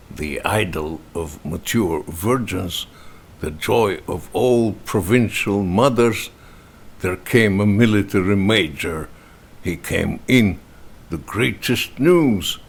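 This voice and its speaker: A man whose first language is Russian, reading a novel in verse aloud in a slow, measured way with pauses between phrases. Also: low voice. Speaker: reader and translator.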